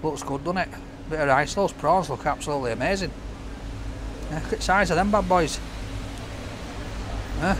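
A man chats to camera outside a takeaway, cracking jokes at his cameraman. His voice sits high for a man. Faint street noise hums behind him. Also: normal speed, pauses often. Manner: jokey, banters with his cameraman. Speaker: takeaway food reviewer. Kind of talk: casual vlog chat to camera.

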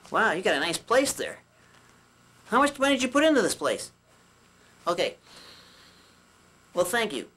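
A man's voice: high voice, a bit bright, heavily acted. A man doing Dusty, a chatty puppet teacher. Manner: joking, rambling, clears throat often. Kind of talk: puppet demonstration lesson.

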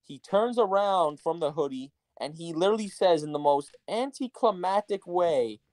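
A man's voice: high voice, lively intonation, moderate pace, a little mellow, no room sound. A man co-hosting a casual podcast, ranting bluntly and swearing freely. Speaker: podcast co-host. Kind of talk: casual wrestling podcast chat.

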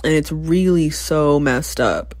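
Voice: medium pitch, animated, takes it slowly, dry recording. A podcast host in their twenties speaking in a candid, reflective personal monologue, breaking into sudden exclamations when recalling past conversations. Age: 20s.

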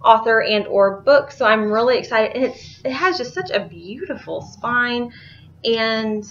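A woman's voice: fairly high pitch, lively intonation, unhurried, a bit bright, dull audio, soft background music. Chatty woman book vlogger. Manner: chatty, rambling, laughs easily. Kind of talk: casual chat.

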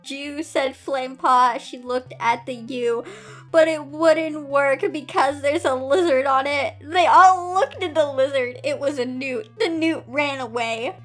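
High, bright-voiced woman reading aloud. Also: measured pace, soft background music. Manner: incredulous, laughing asides between read lines. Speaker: host reading fan fiction aloud. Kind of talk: reading a story aloud with commentary.

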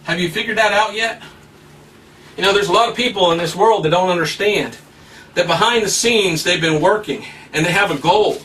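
A man's voice: sits high, normal speed, fairly bright tone, far from the mic, slight background noise. A man preaching a sermon in a fiery, emphatic way, full of rhetorical questions.

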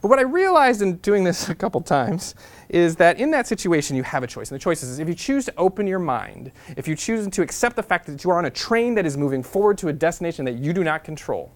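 A man in his thirties from Nebraska speaks to a university class as a guest speaker. He talks quickly in a slightly high voice, telling an animated story. He keeps returning to a refrain and acts out the people he quotes. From Nebraska, USA. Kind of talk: storytelling lecture to students.

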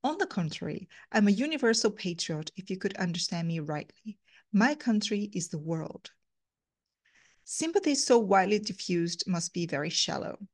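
A sardonic, contrary Englishman who scoffs at every sentiment, read out by a woman. His retorts come dry and cutting, at a middling pitch. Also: very animated, normal speed. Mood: scoffing.

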